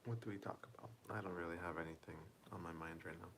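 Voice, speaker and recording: A tired man streaming from home on his phone, talking softly and casually as he reads chat aloud and answers viewers. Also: deep voice, steady tone, slight background noise. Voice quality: soft-spoken, deliberately quiet. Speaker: livestreamer reading chat.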